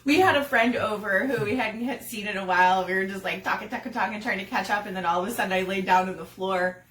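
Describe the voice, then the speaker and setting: A woman's voice: medium pitch, fast talker, fairly bright tone. A woman co-hosting a podcast in casual chat, talking frankly, laughing and reading comments aloud. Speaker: podcast co-host. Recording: roomy room, voice off-mic, faint noise.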